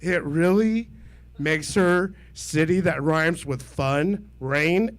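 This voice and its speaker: A man's voice: fairly high pitch, takes it slowly. A man in his thirties performing a self-deprecating stand-up set at a small open mic, laughing at his own jokes. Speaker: stand-up comedian. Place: small comedy venue.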